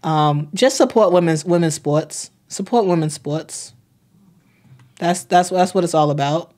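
A woman's voice: on the low side, a little slow, darkish tone. A young woman hosting a sports live stream, chatting casually, reading chat comments aloud, often repeating herself with plenty of fillers.

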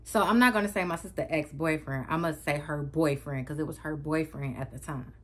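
A woman's voice: low-pitched, fairly quick. A woman vlogger telling a dramatic story to her viewers in slangy, casual speech. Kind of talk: storytime vlog.

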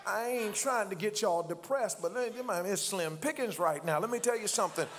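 A man preaching a sermon, calling for responses from the congregation and rising to shouts. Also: high voice, normal speed, a little hiss or hum. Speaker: pastor. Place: church.

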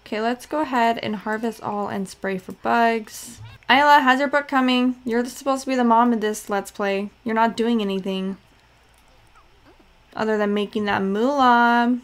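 A woman's voice: a little high, fairly even intonation, moderate pace. Chatty young woman narrating her gameplay. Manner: chatty, scattered, bossing her game characters around. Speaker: let's play host. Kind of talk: casual gameplay commentary.

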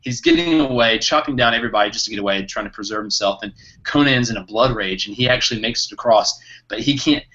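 A man chats about books with a bright, forceful edge to his voice. He retells the story eagerly and animatedly, and laughs often. The sound comes through a slightly muffled, lo-fi recording. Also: fairly low pitch, fast. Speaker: podcast co-host. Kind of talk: casual book discussion.

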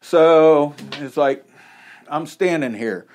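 Folksy preacher man, a bit high. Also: slow pace, a little mellow. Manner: conversational, folksy, chuckling asides. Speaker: pastor. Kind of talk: informal sermon. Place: small church.

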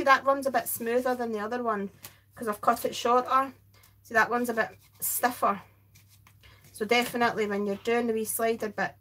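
Woman, Scottish accent, slightly high voice, chatty, live craft demo, explaining each step. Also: fairly bright tone. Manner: chatty, explaining as she shows her work. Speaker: craft channel host.

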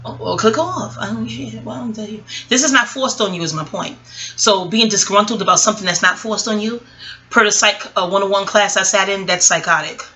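An online commentator, recorded audio-only at home, gives rambling, profane commentary, casually jumping from one thought to the next. Her mid-range voice is bright and forceful, and she talks fairly quickly.

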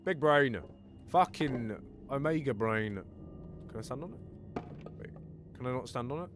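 A man's voice: mid-range voice, unhurried, long pauses, soft background music. Guy doing let's play commentary, voice jumps all over, swears loads, chatters at the game. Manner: excitable and sweary, talks to himself and the game. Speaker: gamer playing with friends.

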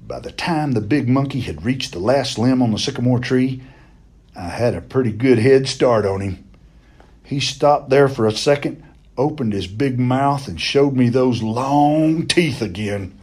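A man's voice: medium pitch, a little slow, darkish tone, slightly rough. A man reading a novel chapter aloud, telling it expressively and now and then stumbling and repeating a word.

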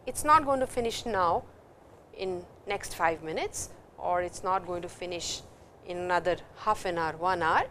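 A woman with an Indian English accent teaches a recorded Japanese language lecture, reading example sentences and explaining them in English. Her voice is medium in pitch and a bit bright, with a little hiss or hum in the audio.

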